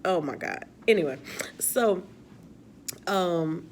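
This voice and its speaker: A woman's voice: fairly low pitch, expressive, takes it slowly, a little hiss or hum. A woman giving a casual, exasperated recap of a TV episode with laughing asides. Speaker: TV episode reviewer.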